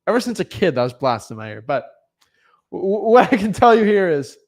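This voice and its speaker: A young man acting as a real estate coach offers casual motivational advice in a vlog, sounding animated and often repeating and restarting words. His voice sits high and he talks fairly quickly.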